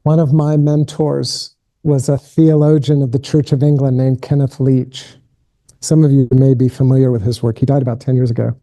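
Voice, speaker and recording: A middle-aged man giving a keynote as a spiritual director, leading guided contemplative prayer and then a lecture in a gentle, invitational, self-deprecating way. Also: medium pitch, flat delivery, moderate pace.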